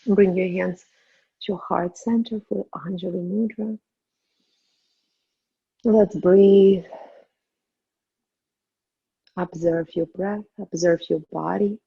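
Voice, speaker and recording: A woman yoga teacher guiding the end of an online class with soft, slow instructions. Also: lowish voice, fairly even intonation, vocal fry, slightly rough, no echo, muffled recording. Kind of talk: guided yoga cool-down.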